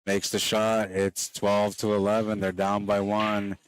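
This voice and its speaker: A man giving relaxed, chatty live play-by-play commentary on a pool match, a little worn down late in the day and talking straight to stream viewers. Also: on the low side, a little slow, clear, resonant tone, no room sound.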